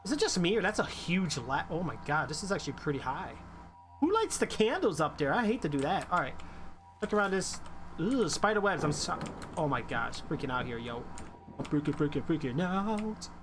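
A man streaming a horror game live, reacting excitably and reading on-screen text aloud. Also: high-pitched, a little fast. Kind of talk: live horror gameplay commentary. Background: game music.

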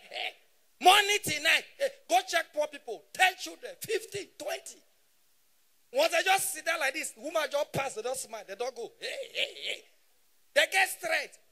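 High-voiced Nigerian stand-up comedian. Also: male voice. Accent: Nigerian Pidgin English. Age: 30s. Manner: animated, shouting punchlines in bursts. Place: stage at a live show.

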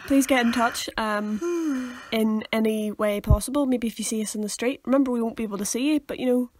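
Young female podcast co-host, high-pitched, chatty and teasing. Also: a little fast, darkish tone, no room sound. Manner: chatty, sets scenes and teases, laughing often. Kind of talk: casual chat.

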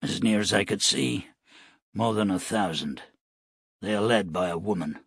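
A man reading aloud voices a hard-bitten frontier gunman who talks in a quiet, matter-of-fact, clipped way. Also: lowish voice, moderate pace, creaky, husky, dry recording, clean studio sound, full character voice.

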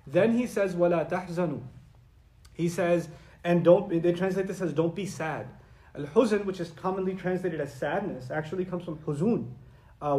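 A man preaching a lecture-style sermon in a conversational, animated way, sometimes reciting Arabic. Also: high voice, roomy sound. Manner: animated and conversational, acting out quoted voices; recites Arabic verses and sources. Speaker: Islamic preacher.

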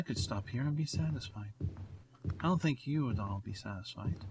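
A man's voice: medium pitch, animated, moderate pace. A man casually commenting on his gameplay, thinking aloud in a rambling, self-mocking way. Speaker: let's play host. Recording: noisy recording with clicks.

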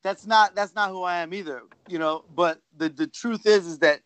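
A man on a podcast making an earnest point, halting with many restarts. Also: high voice, fairly bright tone. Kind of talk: casual podcast conversation.

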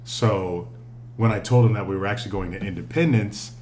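A man co-hosting a podcast, telling a travel story with lively, casual swearing. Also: on the low side, brisk, slight background noise. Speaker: podcast co-host. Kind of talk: casual chat.

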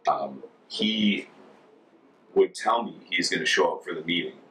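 A young American man in his twenties, a former volunteer, telling stories casually in an interview, chatty and relaxed. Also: low voice, a little slow. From United States. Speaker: former Peace Corps volunteer. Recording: distant mic with faint ambience.

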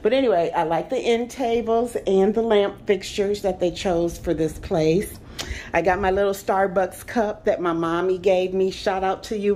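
A woman's voice: mid-range voice, fairly even intonation, moderate pace, darkish tone, a little hiss or hum. Chatty woman touring her apartment. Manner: chatty, enthusiastic, talks straight to viewers. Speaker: vlogger. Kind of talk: casual apartment tour vlog. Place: indoors in an apartment, walking room to room.

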